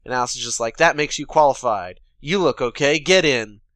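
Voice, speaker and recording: A male podcast co-host casually recaps a film's plot with sarcasm, heavy swearing and mock quotes paraphrasing the characters. His voice is mid-range, fairly quick and a bit bright, on a dry recording.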